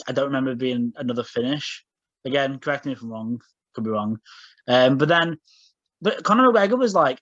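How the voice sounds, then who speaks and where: A man's voice: mid-range voice, a bit bright, dry recording. A man chatting on a podcast, rambling and restarting his thoughts, stacking up fillers as he goes. His voice sits in a middle register and sounds dry and close, with a dull, lo-fi tone. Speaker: podcast co-host. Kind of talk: casual chat.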